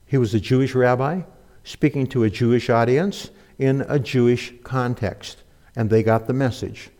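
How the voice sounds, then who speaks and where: A man's voice: medium pitch, steady tone, normal speed, darkish tone. A man preaching a sermon in an earnest, teaching manner, quoting scripture and books. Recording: long hall reverb.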